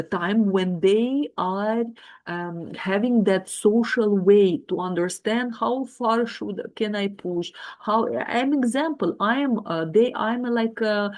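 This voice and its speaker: A woman's voice: medium pitch, darkish tone. A middle-aged woman talking about parenting, firm and emphatic yet often hesitating with fillers. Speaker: mother giving parenting advice. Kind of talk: casual monologue.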